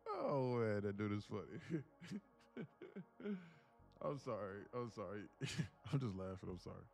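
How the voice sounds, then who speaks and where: Casual male streamer, low and gravelly, thinks out loud over his trades with mutters and excited spikes. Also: measured pace. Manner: talks to himself, muttering then excited bursts, laughs often. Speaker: day trader streaming live. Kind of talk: casual live-stream commentary.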